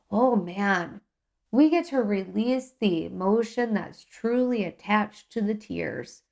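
A woman hosting a self-help podcast, talking in a calm, gently encouraging, reflective way. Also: mid-range voice, vocal fry. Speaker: podcast host.

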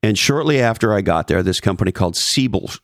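A middle-aged man, a former marketing executive, telling stories in a casual podcast chat, profane and animated, mimicking the people in his stories. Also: on the low side, quick pace, no room sound, studio quality. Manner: profane, animated storyteller who mimics others.

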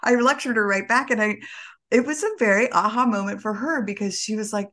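A woman's voice: mid-range voice, fairly quick, bright, forceful tone. A woman hosting an interview podcast who often exclaims and laughs as she tells personal stories. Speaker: podcast host. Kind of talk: casual interview conversation.

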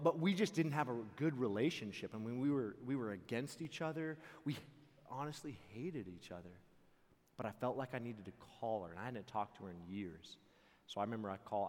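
A young man giving a youth camp sermon, telling a personal story with loud jokes and hushed earnest parts. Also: medium pitch. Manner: acts out voices in quotes, repeats words. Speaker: camp speaker. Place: large camp auditorium. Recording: long hall reverb.

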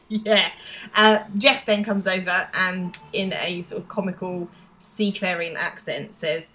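A woman's voice: fairly low pitch, level tone, sharp tone. A woman co-hosting a podcast, retelling scenes in chatty, casual storytelling. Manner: chatty storytelling, quick to laugh. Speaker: podcast co-host. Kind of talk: casual recap chat.

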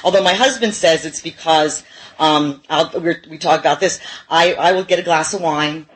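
A woman's voice: low-pitched, normal speed, poor audio. A middle-aged woman giving a personal testimony at a recovery meeting, candid and self-mocking, with frequent laughs.

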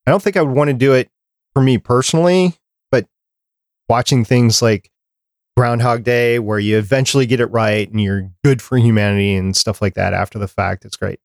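A man's voice: mid-range voice, steady tone, moderate pace, gravelly, no room sound, studio quality. A man hosting a podcast, chatting casually as he works through a prepared list. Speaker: podcast host.

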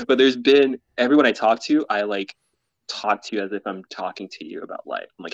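A man's voice: fairly low pitch, expressive, moderate pace, no echo, highs cut off. Earnest, rambling man guest. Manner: earnest, rambling, laughs often. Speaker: guest, mountaineer and explorer. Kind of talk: candid interview talk. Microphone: podcast mic, camera off.

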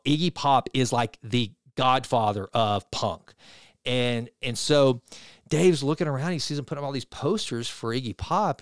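A male talk show host, telling a story in a casual, animated way and acting out the people in it. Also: medium pitch, smooth, no echo, clean studio sound. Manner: animated, conversational, retells a story with quoted voices.

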